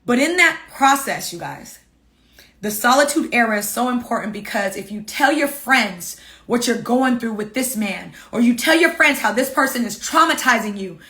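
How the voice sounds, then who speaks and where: A woman author and coach telling viewers her own story in a casual, animated, emphatic way, swearing freely. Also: on the high side.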